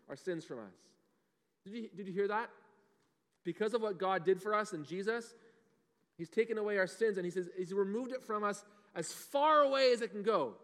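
A man in his thirties giving a lively children's sermon, often asking the kids questions. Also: sits high. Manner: animated, asks the kids questions. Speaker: children's pastor. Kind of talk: kids' sermon. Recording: long hall reverb.

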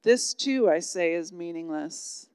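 Woman, scripture reader, slow and solemn, smooth resonant voice. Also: fairly low pitch, expressive, darkish tone, no room sound, in a large hall. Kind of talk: scripture reading.

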